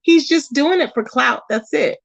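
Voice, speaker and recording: A woman with a high, gravelly voice hosts a casual YouTube live stream at an unhurried pace, chatting animatedly and reading viewer comments aloud. She talks to her chat and says "child" and "y'all." The recording has no room sound, and its highs are cut off.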